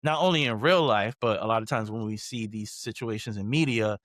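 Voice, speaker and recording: A man's voice: lowish voice, fairly quick, no room sound, studio quality. Laid-back man co-hosting a chat show. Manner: relaxed, conversational, many fillers. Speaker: podcast co-host. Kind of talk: casual chat.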